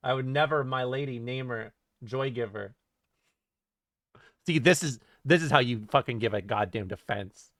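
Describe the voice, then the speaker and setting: This man reads his livestream chat aloud, cracking jokes, cursing freely and laughing. His medium-pitched voice moves at a moderate pace and is a bit bright, recorded dry with clean studio sound.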